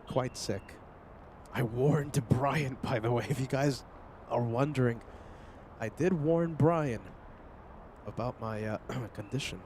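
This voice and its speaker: A man's voice: mid-range voice, a little slow, darkish tone, slight background noise. A man hosting a live plane-spotting stream, chatting with viewers by name while he is sick. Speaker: livestream host.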